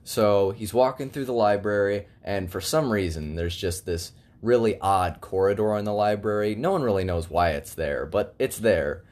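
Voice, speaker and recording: Deep-voiced young man, deadpan jokes. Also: normal speed, few pauses. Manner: deadpan, rambling storyteller. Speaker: son telling jokes. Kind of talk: casual joke telling.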